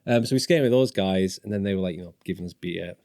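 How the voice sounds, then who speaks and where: A man's voice: deep voice, fast, a little mellow, no echo, clean studio sound. A man from northern England in his forties, a podcast guest telling stories casually and animatedly, swearing and acting out voices. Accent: Northern English. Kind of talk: casual storytelling.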